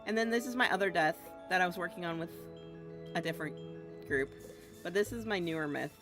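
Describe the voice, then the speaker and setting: With music in the background, a woman with a fairly low voice chats a little fast while playing a video game on stream. She rambles, giggles, switches topics often, and mumbles "yum" and "nom" to herself as she eats.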